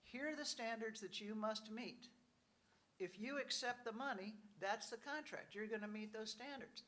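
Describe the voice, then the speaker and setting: A woman's voice: a little high, normal speed, a bit bright. Woman speaking casually at a conference panel. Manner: conversational, acts out quoted officials; frequent "you know" asides. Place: conference hall.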